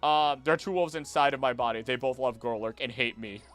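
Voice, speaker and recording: A man's voice: mid-range voice, a little fast, fairly bright tone, faint music behind. A young man streaming a game and chatting casually with his chat, repeating himself and using many fillers.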